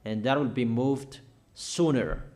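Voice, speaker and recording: Slow, commanding male preacher. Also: medium pitch, crowd noise. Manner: solemn and commanding, repeating phrases for emphasis. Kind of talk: slow prophetic declarations.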